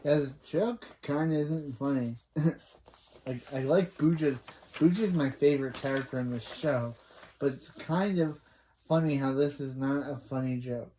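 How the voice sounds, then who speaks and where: A man's voice: mid-range voice, unhurried, dark tone, a little hiss or hum. A man casually recapping a kids' show episode, rambling and correcting himself as he reacts. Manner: rambling, self-correcting asides. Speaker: show reviewer.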